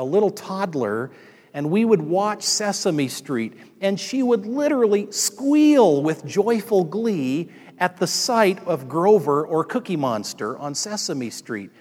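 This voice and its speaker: A somewhat high-voiced man preaching a sermon in a church sanctuary, his voice trailing off into a long hall reverb. He tells stories and turns to the congregation as he speaks. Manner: storytelling, addressing the congregation directly. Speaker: pastor.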